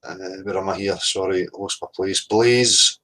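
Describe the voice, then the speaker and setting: A man's voice: low-pitched, steady tone, unhurried, bright, forceful tone, poor audio. A man hosting a casual livestream, blunt and sweary, greeting chat viewers by name. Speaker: livestream host.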